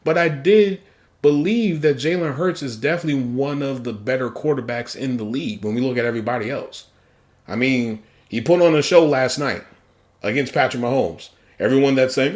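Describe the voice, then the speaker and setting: A man hosting a football podcast solo, talking with hyped, energetic delivery, big shouted outbursts and repeated "okay?" and "guess what?". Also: medium pitch, normal speed. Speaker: podcast host.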